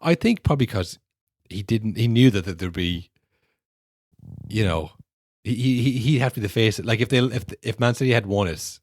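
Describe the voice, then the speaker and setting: A man co-hosting a podcast, talking football casually and animatedly, acting out fans' back-and-forth in quick asides. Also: lowish voice, no room sound, clean studio sound. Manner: animated, mimics fans and rivals in quoted asides. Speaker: podcast co-host.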